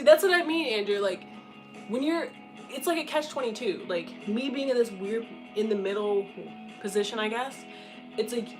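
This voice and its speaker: A woman in her twenties, a content creator answering questions, chats casually and candidly in a mid-range voice. She's blunt, profane, and laughs a lot, captured on a low-quality recording.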